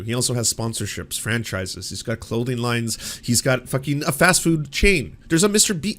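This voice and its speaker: A man's voice: medium pitch, a bit bright. Profane, stammering man ranting. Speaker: commentary host. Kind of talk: ranting commentary.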